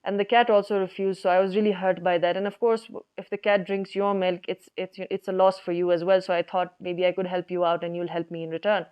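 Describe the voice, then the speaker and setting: Woman doing a sad little bird, pleading, hesitant, lowish smooth voice, dull recording. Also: little pitch movement, fairly quick, few pauses, lightly acted. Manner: hesitant, pleading, many fillers. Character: small sad female bird, polite and pleading.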